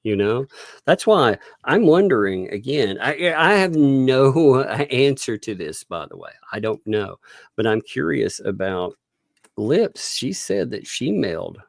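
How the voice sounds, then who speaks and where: A man's voice: mid-range voice, unhurried, creaky, no echo, studio quality. A man co-hosting a casual livestream, joking, laughing often and thanking viewers for tips. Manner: relaxed, joking. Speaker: livestream co-host.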